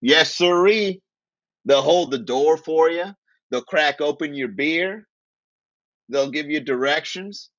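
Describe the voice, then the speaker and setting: A man's voice: a little high, unhurried, dry recording, muffled recording. A man from Miami hosting a casual comedy livestream, joking and chatting with viewers, laughing at his own jokes. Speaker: comedy podcast host.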